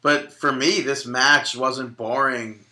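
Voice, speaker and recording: Guy cohosting a chatty podcast, really bright voice, jokey. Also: medium pitch, fairly even intonation, slow pace. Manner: joking, banters. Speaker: podcast co-host. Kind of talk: casual chat.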